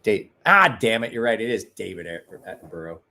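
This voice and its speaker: A man's voice: fairly low pitch, very animated, normal speed, bright, forceful tone, a little hiss or hum. A man hosting a casual livestream, rambling, joking and swearing as he answers his chat. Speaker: livestream host.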